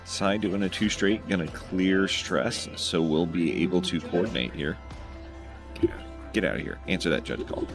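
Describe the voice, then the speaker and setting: A man giving casual play-by-play commentary on a tabletop miniatures game, calmly explaining each move. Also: sits low, normal speed, over music. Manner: relaxed, explains moves step by step.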